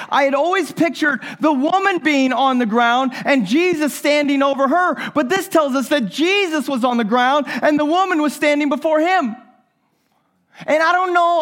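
A man preaching a sermon as pastor, earnest and searching, often repeating words as he reaches for what to say. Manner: earnest, repeats words, drops to a soft low voice for tender moments.

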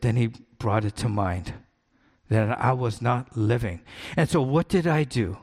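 Speaking at normal speed in a mid-range, darkish voice, a middle-aged pastor gives an earnest, conversational sermon. He repeats his main points for emphasis.

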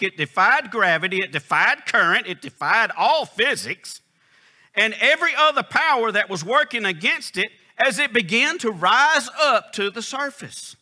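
A pastor preaches with emphatic, folksy storytelling and repeated phrases. His voice sits high and ranges widely. His tone is bright and forceful. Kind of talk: sermon.

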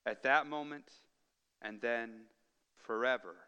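Male pastor, bright crisp voice, dramatic hushed-to-emphatic delivery, long reverb of a large hall. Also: mid-range voice, takes it slowly, dull audio. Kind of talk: sermon.

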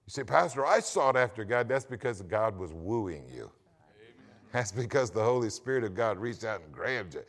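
Animated preaching man. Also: lowish voice, normal speed. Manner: emphatic preaching, asks the congregation questions. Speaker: pastor. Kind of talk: sermon.

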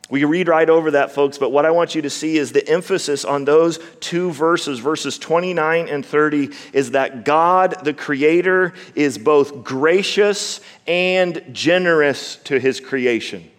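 A man preaching a sermon with emphasis, slowing down to stress key words and repeating himself as he builds a point. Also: a little high. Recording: long reverb of a large hall.

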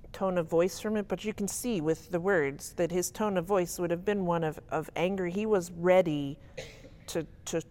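A woman with a fairly low voice leads a Bible study. She talks in an easy, conversational way and leans on points for emphasis. She keeps checking in with her listeners as she goes. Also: a little mellow. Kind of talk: casual teaching talk.

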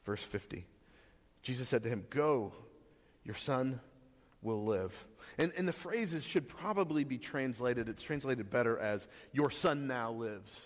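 A man's voice: medium pitch, lively intonation, measured pace. A pastor giving a conversational sermon, asking the listeners questions and restarting his sentences. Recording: long reverb of a hall.

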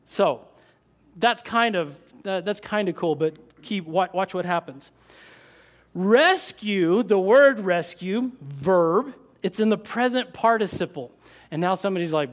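A man with a high voice preaches to his congregation. He drifts between casual, joking asides and bursts of fervent, excited emphasis. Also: measured pace. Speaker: pastor. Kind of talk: sermon.

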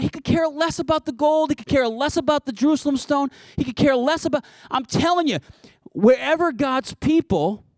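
Animated preaching man, high lively voice. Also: no room sound, studio quality. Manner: animated, conversational preaching with playful asides. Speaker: pastor. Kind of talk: sermon.

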